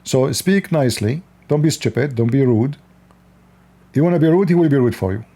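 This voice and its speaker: A man's voice: mid-range voice, animated, moderate pace, mellow. Blunt man. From Middle East. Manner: blunt, lecturing, laughs often. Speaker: livestream host. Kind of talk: casual advice talk.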